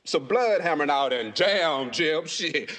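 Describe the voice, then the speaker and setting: A laid-back jive-talking passenger, drawling in thick street slang from a film comedy. His voice sits a touch high and he takes his time over each word. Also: animated, a little slow, fairly bright tone. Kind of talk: 1980s film comedy dialogue.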